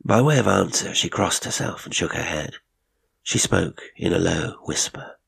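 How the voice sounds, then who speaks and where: A man with a very deep, gravelly voice reads a ghost story aloud at a measured pace. His tone is husky and rough-edged, with heavy fry in it. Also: lively intonation, fairly bright tone. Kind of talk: scripted narration of a ghost story.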